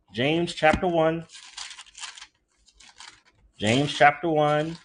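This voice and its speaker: A man preaching a sermon who talks casually with the congregation and slows way down to read scripture aloud. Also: a little high, a little hiss or hum. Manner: conversational, animated preaching with frequent asides to the congregation.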